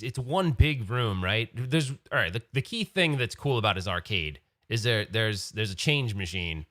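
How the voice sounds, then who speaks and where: A man's voice: medium pitch, fairly bright tone, dry recording, clean studio sound. A man hosting a live-stream podcast in casual chat, rambling and getting sidetracked. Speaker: podcast host.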